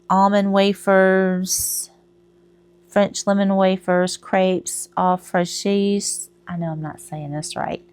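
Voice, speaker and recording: A woman's voice: mid-range voice, a little mellow, clean tone. A middle-aged woman, chatting casually to camera at home, rambling and laughing at herself. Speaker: crochet vlogger.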